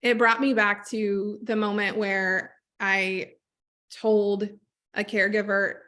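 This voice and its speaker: A woman coaching a group on a call, telling a personal story in a lively, conversational way and speaking straight to her listeners. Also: medium pitch, takes it slowly. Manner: animated storytelling, acts out quoted voices; conversational, direct address to listeners. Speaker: trauma-informed business coach.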